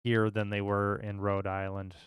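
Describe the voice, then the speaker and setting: A man co-hosting a podcast, talking incredulously and swearing as he joins the banter. His voice is smooth and resonant, heard close and dry. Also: fairly low pitch, completely flat delivery, normal speed, no echo. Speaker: podcast co-host. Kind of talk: casual profane chat.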